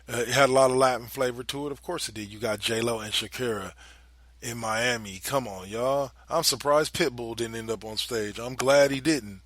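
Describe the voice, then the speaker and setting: A man talks through a podcast in a loose, animated way, with laughing asides and plenty of profanity. His voice is bright and forceful. The sound is dry and close. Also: medium pitch, no echo. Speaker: podcast host. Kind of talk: casual commentary.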